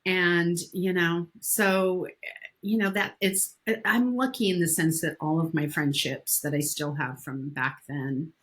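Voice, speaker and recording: A woman with a notably low voice, chatting as a guest on a podcast. She tells personal stories in a frank, blunt way and drops casual swear words without hesitation. The talk is relaxed and conversational. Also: measured pace. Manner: candid, blunt storyteller who swears casually. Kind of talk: casual interview chat.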